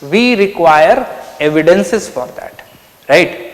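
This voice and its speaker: Man, lecture, high voice, roomy reverb. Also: expressive, slow. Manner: explanatory, asks and answers his own questions. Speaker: anthropology teacher. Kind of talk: online lecture.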